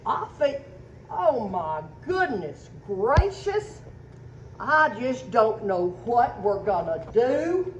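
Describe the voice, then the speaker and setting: A woman hosting a community video, talking in a teasing, animated way to a man and a set of stuffed toys. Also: fairly high pitch, slow. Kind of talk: playful skit narration. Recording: echoey, dull, faint background noise.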